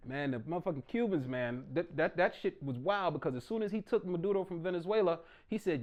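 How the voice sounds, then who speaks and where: A man performs stand-up comedy in a small, intimate room. His voice sits high and swings widely in pitch. He talks loudly and keeps dropping into mock voices for the people in his jokes. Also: lively intonation, moderate pace, dull audio.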